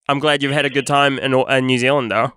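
A man's voice: medium pitch, level tone, a little fast, pushed and bright, clean tone, no room sound. A man hosting a radio interview, playful and teasing with his guest. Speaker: radio host.

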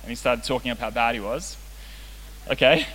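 A man's voice: medium pitch, moderate pace, fairly bright tone. A young man preaching a casual, joking sermon as a youth pastor. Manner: casual, joking, self-deprecating. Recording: reverberant hall with faint hiss.

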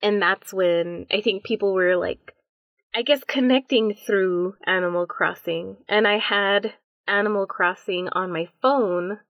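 A woman in her thirties chats casually as a podcast co-host and tosses in friendly, quick asides. The recording is dry and dull, with a lo-fi sound. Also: mid-range voice, dry recording. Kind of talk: casual chat. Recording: dull lo-fi audio.

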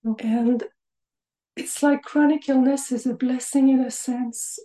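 Lady in her 50s, slow gentle talk, drifts into half whispers, roomy echo. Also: high-pitched, steady tone. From French Canada. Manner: reflective, trailing into breathy half-whispers. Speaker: podcast guest. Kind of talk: personal recovery story. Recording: echoey room.

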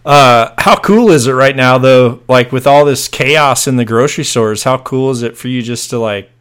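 A man's voice: medium pitch, moderate pace, fairly bright tone, clear, resonant tone. A man, a podcast guest, chatting casually with frequent laughs and slang. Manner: laughs often, uses casual slang like 'dude' and 'freaking'. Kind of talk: casual chat.

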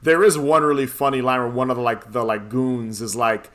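A man's voice: mid-range voice, steady tone, fairly quick, a bit bright. A man casually recapping a film plot on a podcast, rambling, swearing and laughing often. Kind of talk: casual chat.

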